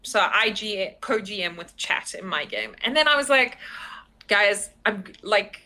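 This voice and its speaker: A woman, a game master guesting on a podcast, talking in an animated, rambling way with frequent "like"s and self-mocking laughs. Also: medium pitch, unhurried. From South Africa. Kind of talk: casual interview chat.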